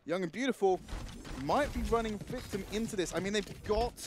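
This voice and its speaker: High-voiced excitable male game caster. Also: a little fast. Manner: excitable, jumps to shouts at big plays. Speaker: esports commentator. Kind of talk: live play-by-play commentary.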